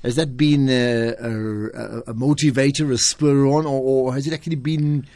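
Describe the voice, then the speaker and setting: A man's voice: mid-range voice, fairly even intonation, normal speed, a little mellow, no echo. A male radio host asking questions in a studio interview, chatty, repeating words as he frames each question. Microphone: studio microphone.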